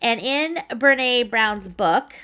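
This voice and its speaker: Bright, chatty woman podcast host. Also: on the high side, slow pace, clean tone. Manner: chatty, animated, laughs while telling a story. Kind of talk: casual storytelling monologue.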